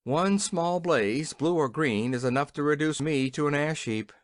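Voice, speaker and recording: A man voicing a gentle straw scarecrow in a storybook, speaking sorrowfully. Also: on the high side, normal speed, dry recording, studio quality, close to an everyday voice.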